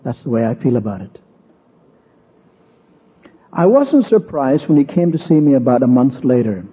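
A man's voice: medium pitch, very animated, moderate pace. A man preaching an expository sermon, walking through verses and stressing repeated words, then telling a personal story. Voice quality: husky. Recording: tinny, narrow-band old recording.

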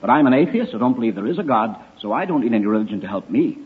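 A man's voice: mid-range voice, animated, racing, husky, voice pushed down. An older man quoting a cheerful, self-assured young male pilot in a breezy, offhand tone. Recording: tinny phone-like recording.

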